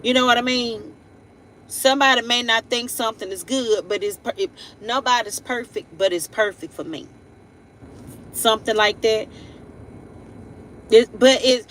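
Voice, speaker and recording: A woman hosts a casual live tarot reading, her slightly high, somewhat bright voice moving at normal speed. She rambles bluntly and playfully in slangy everyday speech, with laughing asides and lots of tag questions. The recording is rough, with a little hiss or hum.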